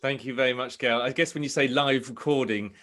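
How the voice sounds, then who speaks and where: A man from Britain giving a live motivational talk over a video call, telling his story with animated delivery. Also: medium pitch, a little fast, very noisy. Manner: animated storytelling, acts out crowd shouts. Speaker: motivational speaker.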